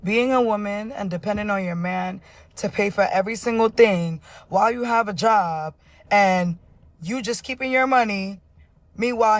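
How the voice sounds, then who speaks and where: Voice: medium pitch, no echo. A speaker giving puzzled, disapproving casual commentary to camera.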